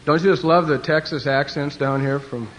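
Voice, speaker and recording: A pastor from Wyoming jokes with a youth crowd, telling stories and slipping into character voices. His voice sits a touch high. The old archive recording is dull, with a faint hiss behind it. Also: steady tone, normal speed. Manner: joking storyteller who slips into character voices. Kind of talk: humorous speech to a youth conference.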